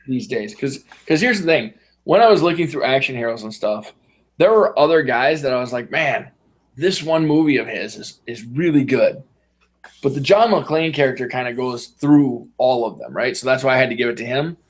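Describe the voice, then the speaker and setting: A man's voice: medium pitch, expressive, normal speed. A man in casual podcast chat, animatedly retelling movie scenes and acting out the characters in voices. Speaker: podcast co-host.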